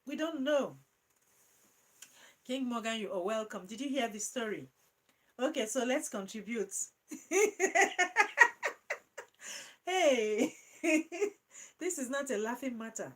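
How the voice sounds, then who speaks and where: A woman hosting a live-stream chat, reading out viewer comments and laughing through her words in a playful, animated way. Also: on the high side, a little slow, long pauses, poor audio. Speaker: channel host.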